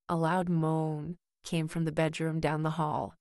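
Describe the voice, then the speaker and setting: Low-voiced woman narrating a horror story. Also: little pitch movement, darkish tone, dry recording, studio quality. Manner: slow, measured storytelling.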